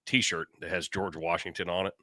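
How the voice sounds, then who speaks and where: A man co-hosting a casual talk show, agreeable and quick to laugh, with halting, restarting sentences. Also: low-pitched, level tone, bright, forceful tone, dry recording, studio quality. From United States. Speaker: podcast co-host. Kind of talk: casual chat.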